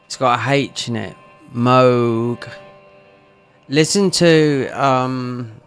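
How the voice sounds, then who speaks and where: A man's voice: mid-range voice, takes it slowly, clean tone, soft background music. A man with a South London accent rambling chattily through casual gameplay commentary as a gaming channel host. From England.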